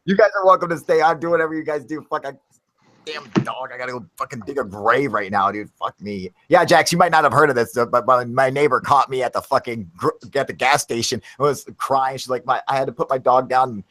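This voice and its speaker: A man's voice: medium pitch, fairly quick, bright, forceful tone. Man, show host, casual chat, loose, profane, laughing, online call mic.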